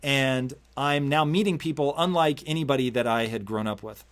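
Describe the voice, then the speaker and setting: A man hosting an interview, telling a long story in a casual, energetic way and swearing freely. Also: mid-range voice, normal speed. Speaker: podcast host.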